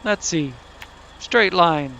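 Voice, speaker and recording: A man's voice: fairly high pitch, lively intonation, extremely slow, creaky, a little hiss or hum. A man giving wry, casual commentary over a driving game, muttering to himself and talking back at the screen. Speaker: gaming commentator. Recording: loud truck engine game audio.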